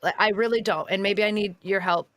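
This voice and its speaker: Female podcast co-host, mid-pitched, earnest and emotional, thinks aloud, dry close mic. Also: steady tone, brisk, fairly bright tone, no echo. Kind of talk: casual chat.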